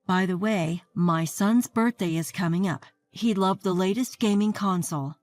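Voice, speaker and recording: A woman's voice: mid-range voice, moderate pace, a little mellow, faint music behind, natural voice. A woman voicing a pushy, sarcastic sister-in-law who talks in a righteous, demanding way. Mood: scolding. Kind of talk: scripted story narration.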